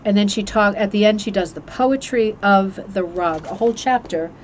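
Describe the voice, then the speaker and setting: A chatty woman hosts a craft club stream at an ordinary mid pitch, gushing and restarting her sentences as she talks into a webcam. A faint hum of room ambience sits under her voice. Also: normal speed. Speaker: host of a rug hooking club livestream. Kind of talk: casual chat, reviewing a book.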